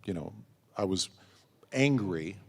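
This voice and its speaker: His deep voice is expressive and slow as he fields fan questions on a convention panel. The answers come as anecdotes with acted-out dialogue, carried by the long reverb of a big convention hall.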